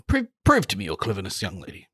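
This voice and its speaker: A man voicing a pompous, skeptical gentleman adventurer with a husky voice and old-fashioned phrasing. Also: sits low, wildly swooping pitch, fast, exaggerated voice.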